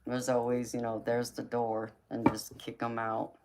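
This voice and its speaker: Slow-talking woman chatting on a livestream. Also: a bass voice, monotone. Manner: chatty, laughs often between remarks. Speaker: livestream tarot reader. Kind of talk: casual livestream chat. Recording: noisy livestream audio.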